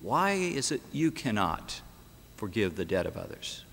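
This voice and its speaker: A man's voice: lowish voice, sing-song, unhurried, gravelly, a bit bright, a little hiss or hum, pitched below the performer's own voice, heavily acted. A man voicing a master in a parable, a stern but forgiving older man who speaks in short, weighty statements. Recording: echoey church hall.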